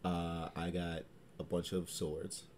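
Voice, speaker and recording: A man's voice: sits low, slow pace, a little hiss or hum. A man co-hosting a podcast, chatting casually and hesitantly with many ums. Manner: relaxed, hesitant, lots of ums. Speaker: podcast co-host. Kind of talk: casual chat.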